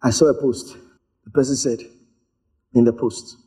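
A man preaching a sermon, telling stories in an animated way and slipping into voices for the people in them. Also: mid-range voice, normal speed. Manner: animated storytelling, acts out voices.

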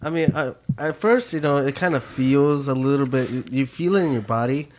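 A man's voice: mid-range voice, moderate pace, slight background noise. A man in casual podcast chat, telling a rambling story full of fillers and restarts. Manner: rambling, repeats words, many fillers. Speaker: podcast co-host.

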